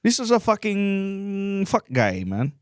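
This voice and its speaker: A man's voice: sits high, big pitch swings, slow, smooth, no echo, studio quality, voice pushed up, full character voice. A man doing a ranting Indian-accented man. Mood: indignant. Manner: ranting, crude, broken English.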